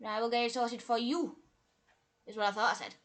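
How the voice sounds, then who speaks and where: A woman chatting casually on a live stream, a little tipsy, self-deprecating and quick to laugh. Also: fairly high pitch, fairly even intonation.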